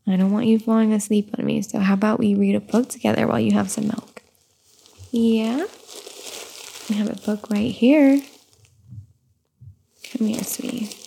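A young mother reading a picture book aloud to her baby in soft, cooing baby talk, with a slow sing-song reading voice. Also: mid-range voice, fairly even intonation, creaky, a little hiss or hum.

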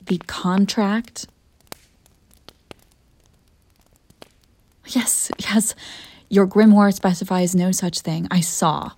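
A woman's voice: mid-range voice, steady tone, a little slow, a little mellow. A woman voicing a proud, bored, centuries-old female succubus in an audio role-play for the listener, haughty and theatrical. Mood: sultry bargaining. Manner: haughty and theatrical, defensive when pressed.

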